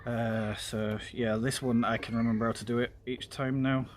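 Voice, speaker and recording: A man with a mid-range, flat voice talks at a moderate pace over slight background noise, walking viewers through a paracord weave as he works with his hands. He's a streamer, and his casual tutorial chat rambles, heavy with ums and side talk about games.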